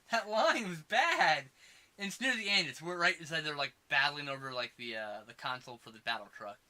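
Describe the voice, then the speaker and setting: A man co-hosting a podcast, chatting casually about a movie, excitable and quick to swear and laugh. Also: fairly high pitch. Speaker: podcast co-host. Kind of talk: casual movie review chat.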